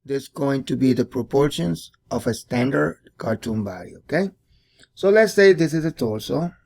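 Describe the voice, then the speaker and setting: A man's voice: mid-range voice, expressive, moderate pace, gravelly, a little mellow. A man hosting a casual drawing tutorial, thinking aloud and repeating words as he sketches. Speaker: art tutorial host.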